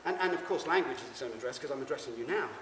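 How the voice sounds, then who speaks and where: A man's voice: mid-range voice, animated, racing, a bit bright, slight background noise. A man giving a rambling, stammering stage monologue, addressing the audience directly. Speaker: stage performer. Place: performance stage in a hall. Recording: echoey hall, mic far off.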